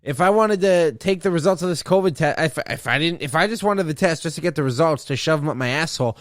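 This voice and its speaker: A man's voice: a little high, expressive, fast, few pauses, dry recording. A man hosting a comedy podcast, telling a story as a profane, exasperated rant.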